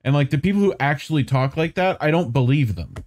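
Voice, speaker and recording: A man's voice: a little high, lively intonation, a little mellow. Chatty man co-hosting a commentary podcast. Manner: chatty, quick asides, swears casually. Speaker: podcast co-host. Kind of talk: casual political commentary.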